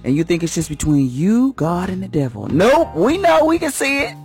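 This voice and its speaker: A woman's voice: on the low side, big pitch swings, normal speed, darkish tone, faint music behind. A woman hosting a morning radio segment, talking like a preacher in a fervent, folksy way with a church first lady's conviction. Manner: fervent, folksy, swoops up and down for emphasis.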